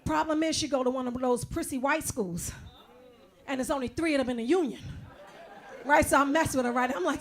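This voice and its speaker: A middle-aged woman doing a bawdy stand-up set, chatty and swinging from loud outbursts to low asides. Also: fairly quick. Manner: bawdy, conversational, swings between loud shouting and low mutters. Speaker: stand-up comedian.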